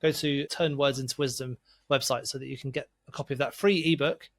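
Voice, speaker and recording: A man's voice: mid-range voice, steady tone, fast. A man hosting a podcast, talking with a guest and reading a sponsor spot, enthusiastic and chatty. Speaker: podcast host. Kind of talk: podcast interview and sponsor read.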